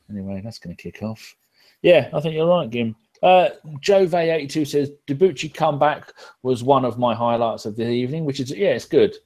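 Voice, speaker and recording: A man's voice: mid-range voice, a little mellow. A man hosting a casual live podcast, bantering with lots of swearing and reading out viewer comments. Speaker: podcast host.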